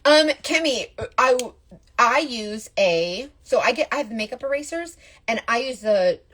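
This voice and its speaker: Breathy, chatty woman. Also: on the high side, measured pace. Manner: chatty, animated, reads out viewer comments. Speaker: makeup seller doing a live stream. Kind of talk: casual chat to viewers.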